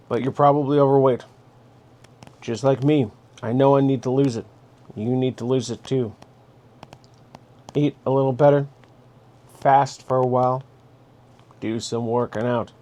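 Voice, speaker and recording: Man, mid-pitched, blunt and direct, host of a casual advice monologue. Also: darkish tone. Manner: blunt, direct, giving orders.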